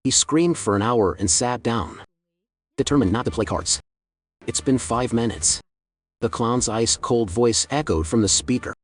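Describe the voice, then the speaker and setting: A man narrating a comic story recap in a steady storytelling read. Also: medium pitch, normal speed.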